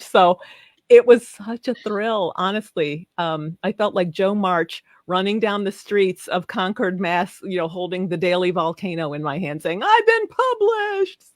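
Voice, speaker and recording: A woman's voice: on the low side, no echo, studio quality. Chatty Southern woman on a video call. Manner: effusive, chatty, quick to laugh. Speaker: guest author. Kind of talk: casual video interview.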